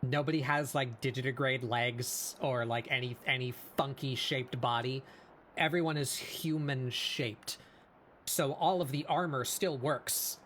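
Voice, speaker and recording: Slow-talking man chatting on stream. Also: medium pitch, fairly even intonation, fairly bright tone, slight background noise. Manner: slow, rambling explanations with frequent fillers. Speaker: stream host. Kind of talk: casual chat.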